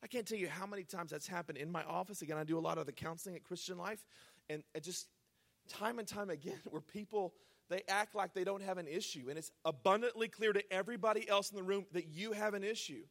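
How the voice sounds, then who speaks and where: A man pastor preaching a sermon, earnest, moving between hushed pleading and loud emphatic urging. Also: high-pitched, fast talker.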